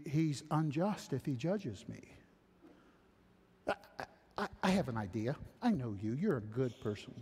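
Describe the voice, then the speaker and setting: A man's voice: medium pitch, slightly rough. A man preaching an expository sermon, acting out objectors' lines in quotes. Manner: animated, acts out objectors in quotes. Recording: long hall reverb.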